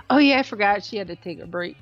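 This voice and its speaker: A woman's voice: medium pitch, lively intonation, quick pace, lo-fi sound, faint music behind. A woman co-host chatting in a giggly, teasing way. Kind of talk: casual banter.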